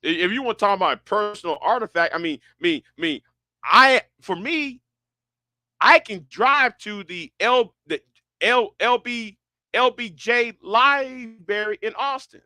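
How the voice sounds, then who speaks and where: A man's voice: high-pitched, measured pace, pushed and bright, no room sound, studio quality. A man chatting casually and rambling, often stumbling and restarting his words, with a broad sound. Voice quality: stammering, many restarts. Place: Houston, Texas.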